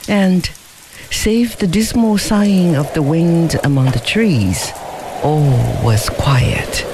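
A narrator reading a novel aloud in a measured storytelling manner. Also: mid-range voice, noisy background. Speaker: audiobook narrator. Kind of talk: scripted narration.

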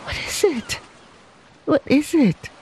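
A man voicing a frightened Chinese mother who speaks halting English, in a high quavering voice. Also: expressive, darkish tone, a little hiss or hum, full character voice.

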